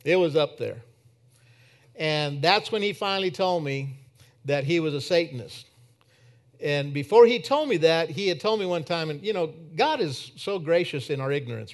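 Male preacher, slightly high voice, sermon testimony, shifts between forceful and quiet delivery. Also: expressive, moderate pace. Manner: storytelling, swinging from emphatic to hushed.

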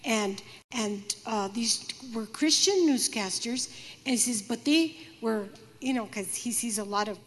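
Older woman sharing testimony in echoey hall. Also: on the high side. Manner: halting, with many fillers. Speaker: congregation member sharing a testimony. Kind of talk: spoken testimony. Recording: reverberant hall.

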